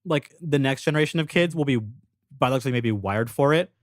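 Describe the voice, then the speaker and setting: A man's voice: mid-range voice, fast talker, no room sound, studio quality. A young man co-hosting a casual podcast, opinionated and blunt, swearing freely as he talks. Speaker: podcast co-host. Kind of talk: casual chat.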